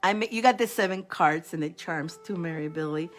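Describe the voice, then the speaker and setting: A woman's voice: on the low side, a little fast, faint music behind. A woman giving live-stream tarot readings, chatty, repeating names and laughing often between readings. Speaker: tarot reader.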